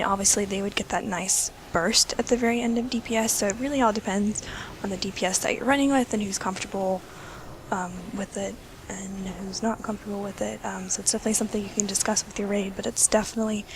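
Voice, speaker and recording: A young woman talks through a gameplay tip in a relaxed voice-over. She is chatty and often stops to restart with an um, and she has hiccups. Her voice sits at a middling pitch. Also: brisk, background noise. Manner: chatty, many ums and restarts. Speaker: game video creator.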